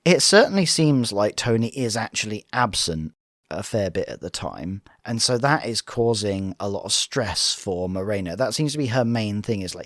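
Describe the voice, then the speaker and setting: A man's voice: on the low side, very animated, moderate pace, fairly bright tone, dry recording, studio quality. A man co-hosting a casual reality TV reaction chat, breaking the show down analytically. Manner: analytical, mimics voices in quotes.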